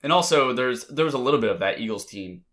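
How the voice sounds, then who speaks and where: A man's voice: medium pitch, lively intonation, fast, fairly bright tone. A man in casual conversation, telling an emotional, rambling story with many restarts. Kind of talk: casual chat.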